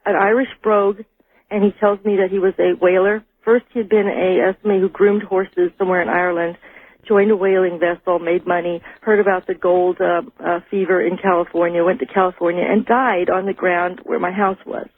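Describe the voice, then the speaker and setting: A woman's voice: lowish voice, brisk, no room sound. A woman calling in to a late-night radio show and telling a ghost story, acting out each voice in it. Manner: animated storyteller, acts out the dialogue. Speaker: caller. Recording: tinny phone line.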